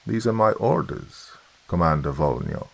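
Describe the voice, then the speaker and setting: A man's voice: sits low, big pitch swings, a little slow, creaky, exaggerated voice. A man voicing a cold, stern male cosmonaut speaking over the radio, clipped and curt. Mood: curt radio orders.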